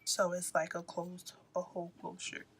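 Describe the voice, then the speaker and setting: A woman's voice: lowish voice, completely flat delivery, normal speed, husky. A woman casually explaining a crochet project, sleepy and yawning, rambling with apologetic asides and dipping into whispers, recorded on a phone at home. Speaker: crochet tutorial host.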